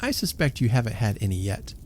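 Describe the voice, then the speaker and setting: A man voicing a kindly, soft-spoken missionary. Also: on the low side, wildly swooping pitch, fast talker, a little hiss or hum.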